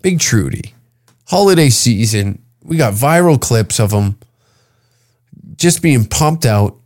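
Canadian man, podcast host, rambling comic monologue, swears freely, mid pitch. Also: lively intonation, slow, darkish tone. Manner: crude rambling, swears freely, acts out quoted voices. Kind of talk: casual comedic monologue.

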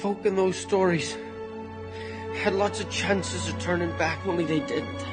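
An actor playing a loyal young male hobbit, speaking softly and earnestly to his friend. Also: high-pitched, unhurried, over music. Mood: tender, earnest. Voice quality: soft, earnest storytelling delivery. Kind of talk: film drama acting. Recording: film clip under a loud orchestral score.

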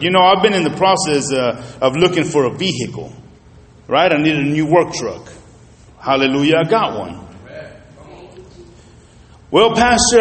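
A man preaching a sermon, telling a personal story in an animated way and talking straight to the congregation. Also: fairly high pitch. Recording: reverberant hall.

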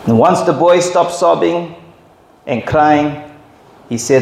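Slow, emphatic preacher in an echoey hall. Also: male voice, vocal fry, darkish tone, slight background noise. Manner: slow, emphatic preaching with sudden high acted quotes. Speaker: pastor. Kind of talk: sermon. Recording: echoey hall, faint ambience.

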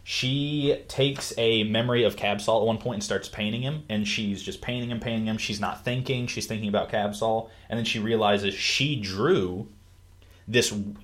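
Low-voiced guy rushing through a book plot, acting out all the characters, super animated. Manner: animated storyteller, acts out characters with yelps and laughs. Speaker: host explaining a book. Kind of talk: excited casual retelling.

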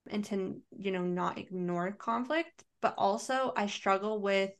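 A woman's voice: medium pitch, measured pace. A woman co-hosting a podcast who reads out listener questions and chats earnestly. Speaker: podcast co-host. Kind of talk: casual chat.

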